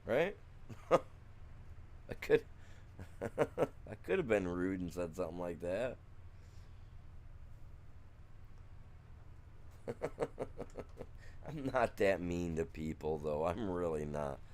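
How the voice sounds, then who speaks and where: A man with a lowish voice talks loosely into a desk mic while he streams from his room. He rambles, loses his thread, restarts and chuckles between thoughts. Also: lively intonation, slow pace, pauses often, darkish tone, a little hiss or hum. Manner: chatty, trails off and restarts, chuckles. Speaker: gaming streamer. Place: room at home with blacked-out windows.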